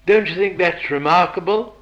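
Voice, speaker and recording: A man giving a philosophical lecture, measured and posing rhetorical questions to his listeners. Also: high voice, lo-fi sound.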